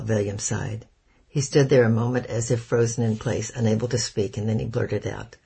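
A man narrating a first-person novel in a measured, even storytelling manner. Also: medium pitch, vocal fry, slightly rough. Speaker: audiobook narrator.

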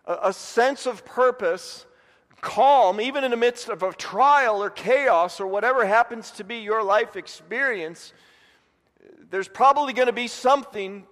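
Male pastor from Indiana, high voice, earnest sermon delivery with repeated words, echoing hall. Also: a little slow, a bit bright. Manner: earnest, repeats words when building a point.

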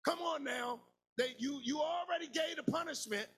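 A man preaching a sermon as pastor, in a shouted, sing-song cadence with lots of repetition. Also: very high-pitched, moderate pace.

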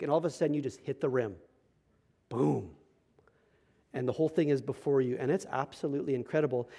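A young adult male pastor preaching a sermon, telling a personal story and swinging from hushed asides to loud emphatic passages. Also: on the high side, expressive, fast talker.

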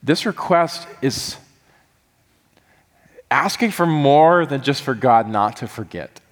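A man's voice: medium pitch, expressive, slow pace. Earnest male pastor in a reverberant hall. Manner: earnest, rising into fervent pleading prayer. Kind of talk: sermon.

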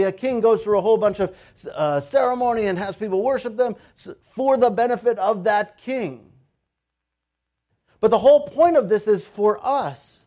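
A man preaching a sermon, retelling scripture with lively, animated storytelling and acted-out crowd voices. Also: on the high side, highs cut off. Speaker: pastor.

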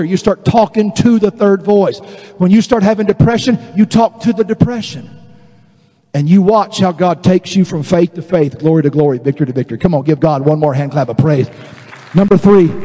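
A man, preaching a lively sermon to a congregation as a guest speaker. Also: high-pitched, brisk. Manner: animated preaching, swings from quiet to loud with laughs. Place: church service. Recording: long reverb of a church hall.

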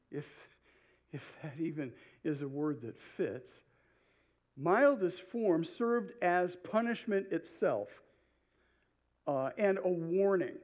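This man's voice is a little high and a little mellow. He's a pastor delivering an unhurried expository sermon, putting the words of the passage's figures into his own paraphrase.

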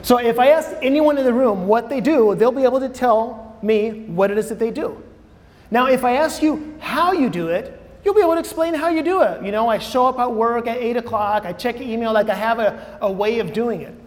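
A man's voice: very high-pitched, lively intonation, fairly quick. A man giving a conversational sermon to a church audience, repeating key phrases and putting questions to the room. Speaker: preacher. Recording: long hall reverb.

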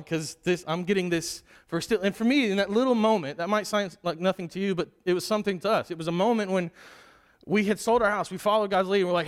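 High-voiced man preaching casually. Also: brisk, smooth. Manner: conversational, animated storytelling with many restarts. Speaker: pastor. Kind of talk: sermon.

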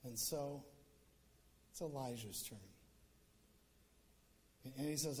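A man's voice: medium pitch, slow, darkish tone, slight background noise. Casual storytelling male preacher. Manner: casual, conversational, joking asides. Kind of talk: sermon storytelling.

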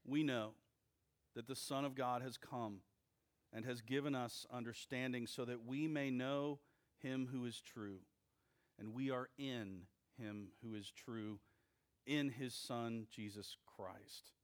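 A male pastor delivers a sermon at an unhurried, measured pace. His voice sits at a middle pitch, and he breaks his sentences into short, weighty phrases with deliberate pauses. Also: fairly even intonation. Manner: slow, deliberate preaching with emphatic pauses.

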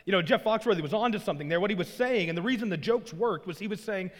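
Preacher, higher voice, long church reverb. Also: male voice, fast talker, hardly any pauses. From Arkansas. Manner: earnest preaching, rising emphasis on key lines. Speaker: pastor. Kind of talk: sermon. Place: church sanctuary.

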